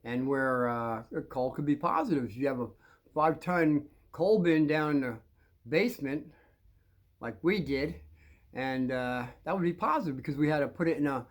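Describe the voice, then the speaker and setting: A man's voice: fairly high pitch, moderate pace. An older man from New Jersey, telling kids a rambling personal story with folksy, chuckling asides.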